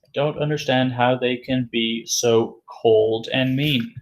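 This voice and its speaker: Slow, deliberate male English teacher. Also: mid-range voice, steady tone. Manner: slow, deliberate, repeats each word for learners. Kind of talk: recorded vocabulary lesson.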